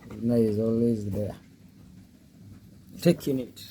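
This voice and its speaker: A man's voice: on the low side, steady tone, slow, dark tone, slight background noise. A man casually narrating a home video of his dogs with amused, playful running commentary. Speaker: dog owner filming his pets.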